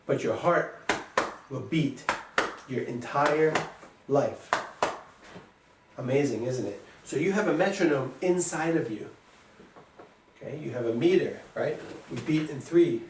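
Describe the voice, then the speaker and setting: A man teaching a music lesson patiently counts beats aloud and sounds out rhythms for his students, his medium-pitched voice lively in intonation, a little slow, with long pauses. He's heard from a distance in an echoey room with faint noise.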